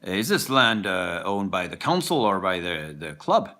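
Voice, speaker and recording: A man voicing snooty golfers in a put-on Irish accent, talking loudly on purpose to be overheard. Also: deep voice, big pitch swings, a little slow, heavily acted. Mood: pointed. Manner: loud, pointed, meant to be overheard.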